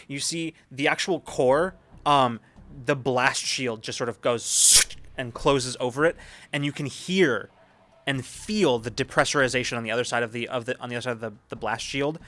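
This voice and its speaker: A man's voice: mid-range voice, pushed and bright. A man narrating as game master of a sci-fi tabletop game, describing scenes in a rambling way with many restarts.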